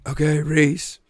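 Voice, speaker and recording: A blustery older male politician with a put-on American accent brags in repetitive superlatives, as an Australian man puts him on. The voice sits a little higher than usual. It is recorded close and dry. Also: vocal fry, breathy edge, dry recording, exaggerated voice.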